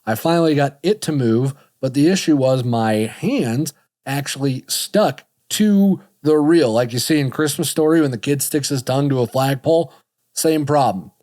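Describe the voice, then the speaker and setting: A man's voice: medium pitch, moderate pace, dark tone, no room sound, clean studio sound. Chatty man hosting a podcast. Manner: chatty, joking, self-deprecating. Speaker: podcast host. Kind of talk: casual podcast talk.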